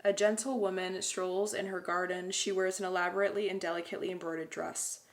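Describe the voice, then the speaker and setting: A young woman with a lowish, level voice speaks quickly while giving viewers a pick-a-card tarot reading. She gushes emotionally, often exclaiming over the cards and calling her audience "guys."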